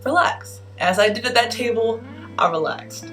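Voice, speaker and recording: A woman's voice: fairly high pitch, normal speed, faint music behind. Exasperated young woman telling a story. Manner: animated, exasperated, emphatic. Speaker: vlogger. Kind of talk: casual storytelling vlog.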